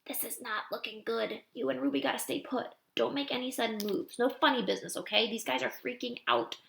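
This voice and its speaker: A woman's voice: a little high, lively intonation, moderate pace, pushed and bright, voice pushed up, exaggerated voice. A woman voicing a small, scrappy male dog who is loyal and dry in his manner, reading from a storybook. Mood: hushed. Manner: dry, protective, confiding.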